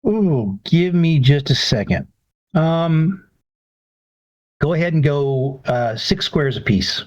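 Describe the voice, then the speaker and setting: A man running a tabletop game as game master, relaxed and encouraging with his players. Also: fairly high pitch, takes it slowly. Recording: dull lo-fi recording.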